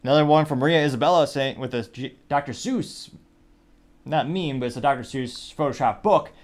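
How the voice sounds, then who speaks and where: A man's voice: medium pitch, fairly quick. A man hosting a commentary show, reading social media posts and memes aloud with wry, rambling asides. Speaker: host.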